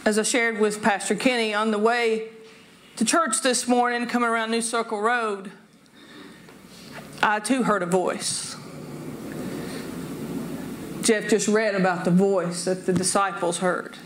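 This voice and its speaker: A woman's voice: medium pitch, steady tone, a little slow, pauses often, slight background noise. A woman pastor giving a chatty, self-deprecating sermon from the pulpit and laughing often. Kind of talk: informal sermon. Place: church sanctuary.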